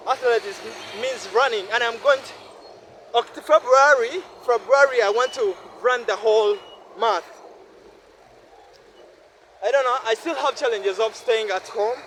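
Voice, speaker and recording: Earnest Ugandan man, higher voice, street noise. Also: a little slow, long pauses, fairly bright tone, poor audio. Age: 20s. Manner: earnest, repetitive, asks listener "no?". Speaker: vlogger. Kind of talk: casual vlog monologue. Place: outdoors by a city road.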